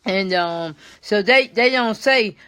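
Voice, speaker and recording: Tired older lady chatting on her vlog, folksy and slow, lots of mm-hmm and yes sir, middle pitch. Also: fairly bright tone, smooth. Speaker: vlog host. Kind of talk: folksy monologue on slang.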